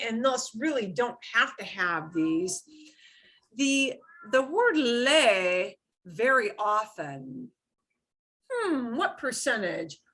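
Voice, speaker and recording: A middle-aged woman teaching a beginner Spanish class, modeling phrases slowly and clearly while explaining in English. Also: medium pitch, pushed and bright. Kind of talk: beginner language lesson.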